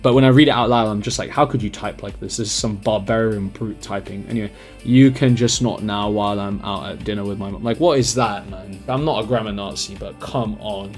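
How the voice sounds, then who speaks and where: A man's voice: lowish voice, brisk, faint music behind. A young man, casually reading text messages aloud and adding blunt, slangy, mocking comments as a dating advice creator.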